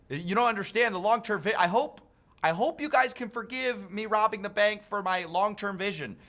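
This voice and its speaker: A man's voice: high-pitched, animated, normal speed, sharp tone. A man giving mocking, incredulous commentary on an online controversy.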